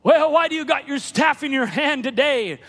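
A man's voice: extremely high pitch, moderate pace, a bit bright, voice pushed up. A man voicing a young child in a sermon, insistently questioning their father. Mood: pleading. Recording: long reverb of a church hall.

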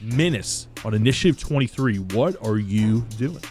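A man's voice: mid-range voice, animated, a little mellow. Male game master, casual narration, music bed. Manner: descriptive, slow for effect, casual with fillers.

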